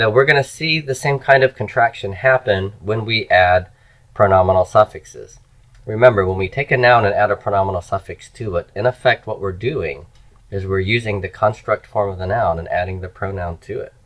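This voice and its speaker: A man's voice: fairly low pitch, normal speed, a bit bright. A middle-aged man teaching a language class, explaining step by step and checking in with his listeners. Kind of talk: lecture.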